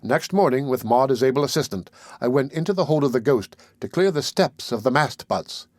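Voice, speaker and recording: A man reading a classic novel aloud as a first-person audiobook narrator, steady and measured. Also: mid-range voice, no echo, studio quality.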